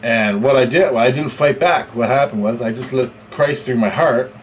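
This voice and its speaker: A man's voice: mid-range voice, moderate pace, a little hiss or hum, low-quality recording. A man telling a story in a casual, rambling way, repeating himself and swearing freely. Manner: rambling, repetitive, profane. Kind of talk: casual first-person storytelling.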